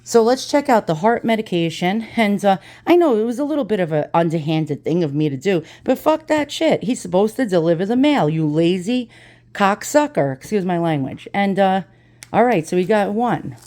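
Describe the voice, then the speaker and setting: A woman's voice: mid-range voice, animated, normal speed, dark tone. A middle-aged woman vlogger talking in a casual, blunt and profane way, telling a story while she unboxes things. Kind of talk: casual ranting vlog chat.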